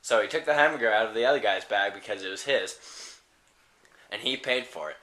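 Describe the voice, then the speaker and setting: A man's voice: lowish voice, fairly quick, pushed and bright. A man rambling through a silly comic story, full of fillers and giggles.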